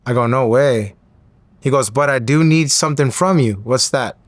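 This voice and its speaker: A man's voice: normal speed, no echo. A man in his thirties telling a story as an interview guest, acting out the other people's voices as he goes. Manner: acts out quoted voices with rising pitch. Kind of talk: animated storytelling.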